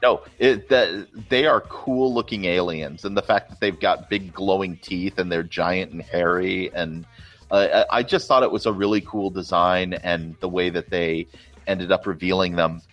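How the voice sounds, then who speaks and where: A man with a very low voice talks movies in a relaxed, rambling co-host chat, full of enthusiastic restarts. Faint music plays behind him. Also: normal speed.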